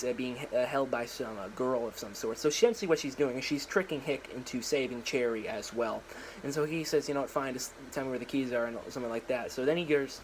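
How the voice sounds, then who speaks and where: A young man rambles through a story idea, full of fillers and quick restarts. He slips into characters' lines now and then as he talks into a propped-up phone. A faint hiss sits under his voice. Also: medium pitch, low-quality recording. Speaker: vlogger.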